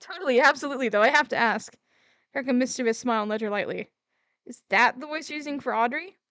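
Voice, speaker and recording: A woman's voice: fairly high pitch, fast, a bit bright, no room sound, close to an everyday voice. A woman voicing a mischievous young man, the player character of a visual novel, in a playful, teasing way.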